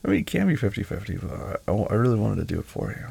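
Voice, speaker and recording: A young man speaks as the listener's boyfriend in a one-sided role-play, gentle and teasing. His voice is low and full of vocal fry, with a husky, rough edge. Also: sing-song, very fast. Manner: gentle, teasing and affectionate, laughs often.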